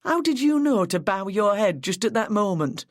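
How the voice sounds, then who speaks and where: An audiobook narrator voicing Stanway, a senior male police officer, who speaks in a brisk, hearty way. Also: medium pitch, very animated, dry recording, studio quality, voice pushed up, lightly acted. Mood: relieved.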